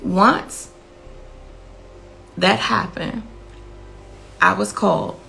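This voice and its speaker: Woman, grieving mother, interview, very gravelly voice, sharp bright tone, blunt, emphatic repetition. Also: mid-range voice, very slow, a little hiss or hum, rough recording. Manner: blunt and impassioned, repeats for emphasis. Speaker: victim's mother telling her story. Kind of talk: personal interview account.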